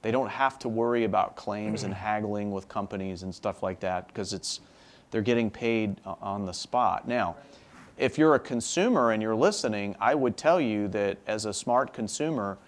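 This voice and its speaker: A man's voice: fairly low pitch, normal speed. A man on a policy panel who files legislation, talking earnestly with many fillers and restarts. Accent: Texan. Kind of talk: panel discussion.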